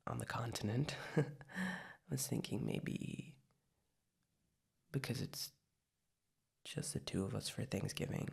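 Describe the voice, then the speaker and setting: Girl doing a whispered role-play gf, young adult, raspy fry-heavy voice, rambles and restarts a lot. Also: rumbling low, takes it slowly, pauses often, darkish tone, exaggerated voice. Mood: sleepy, tender. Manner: rambling, hesitant, full of "like" and restarts. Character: young adult woman, affectionate rambling girlfriend. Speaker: girlfriend.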